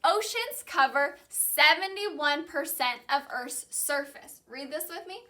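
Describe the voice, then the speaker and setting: A woman teacher leading a call-and-repeat classroom lesson, saying each vocabulary word slowly and clearly and then repeating it. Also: high voice, expressive, a crowd in the background. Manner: slow, clearly enunciated drilling of vocabulary.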